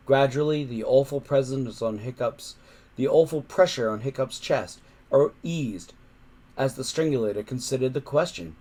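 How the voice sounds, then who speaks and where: A man reading a children's book aloud, careful and measured, with small slips he corrects. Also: medium pitch, dark tone. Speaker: reader.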